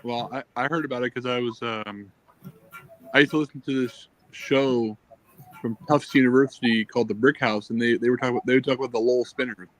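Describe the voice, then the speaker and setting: A man in casual chat, easygoing and quick to agree. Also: mid-range voice, steady tone, no room sound, poor audio. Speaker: co-host.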